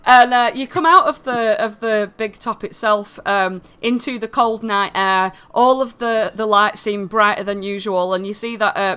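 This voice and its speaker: A woman acting as game master narrates a tabletop game, describing scenes loosely in a rambling way packed with fillers. Her voice is medium-pitched with a sharp tone.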